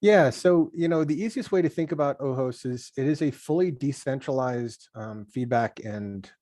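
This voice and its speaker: A man being interviewed as a podcast guest, chatting in an animated way and acting out workplace conversations. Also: mid-range voice, moderate pace, no room sound, clean studio sound. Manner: animated, acts out workplace dialogue. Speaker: podcast guest, software founder.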